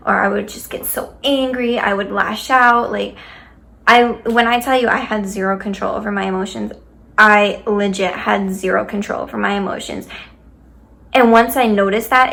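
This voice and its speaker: A woman's voice: mid-range voice, fairly even intonation, moderate pace, vocal fry, fairly bright tone. A young woman talking candidly in a casual vlog, rambling with lots of fillers and swearing freely. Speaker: vlogger.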